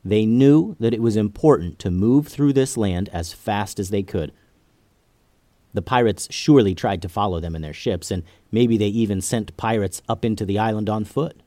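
A man hosting a children's podcast, narrating a story in a gentle, expressive way. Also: on the low side, dry recording.

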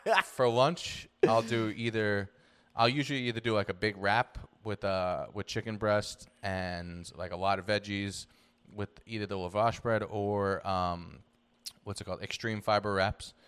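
Young man, lowish smooth voice, podcast co-host, casual, blunt. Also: fairly even intonation, measured pace, fairly bright tone. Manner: matter-of-fact, blunt, joking. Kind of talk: casual chat.

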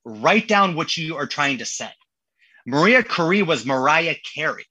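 A man in his thirties, a podcast guest telling stories in a casual, animated way and acting out the people he quotes. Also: fairly high pitch, measured pace, husky, no room sound, rough recording. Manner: animated, acts out quotes in voices. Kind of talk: casual storytelling.

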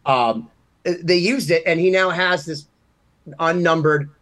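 A man's voice: a little high, slow pace, fairly bright tone. A man from Massachusetts, a podcast co-host, telling rambling, self-deprecating anecdotes in casual chat. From Massachusetts, USA.

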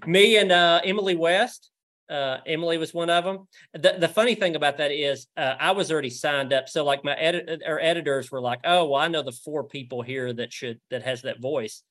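A man's voice: a little high, brisk, fairly bright tone. A man with a Southern US accent, a reporter talking as a guest in a casual interview, with a lot of restarts and fillers. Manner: stammering, lots of restarts and fillers.

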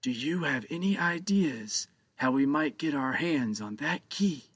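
A man voicing a worried male pirate captain who talks in hushed, urgent tones. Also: fairly high pitch, animated, moderate pace, husky, dry recording, pitched above the performer's own voice.

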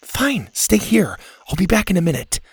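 A man reading a storybook voices a brisk, daring girl camper in a raised voice. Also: sits high, big pitch swings, slightly rough, no room sound, voice pushed up, heavily acted. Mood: bold. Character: bold curious girl camper.

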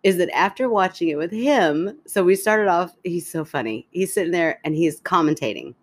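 A woman in her thirties co-hosting a podcast, chatting and telling animated stories with frequent laughs. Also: fairly low pitch, normal speed. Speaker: podcast co-host. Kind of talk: casual chat.

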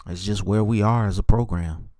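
A man hosting a solo sports podcast, speaking in a dejected monotone with many halting fillers. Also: fairly low pitch, no room sound, clean studio sound. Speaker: podcast host.

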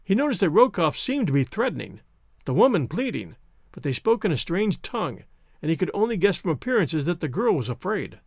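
Expressive male audiobook narrator. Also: high-pitched, fairly quick, dry recording, studio quality. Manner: expressive, theatrical reading. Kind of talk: scripted narration.

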